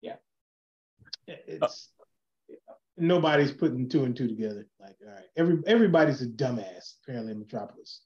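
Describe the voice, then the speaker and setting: A man's voice: medium pitch, lively intonation, brisk, pauses often, a little mellow. A man co-hosting a podcast, talking casually in a blunt, profane, joking way. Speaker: podcast co-host. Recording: echoey room, dull lo-fi sound.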